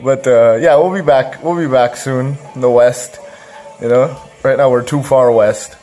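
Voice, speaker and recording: A man's voice: medium pitch, fairly even intonation, unhurried, warm tone, faint music behind. A man with a Toronto accent, joking and rambling as he chats to his vlog camera. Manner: joking, rambling, laughs at himself. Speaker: vlogger, father. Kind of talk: casual vlog chat.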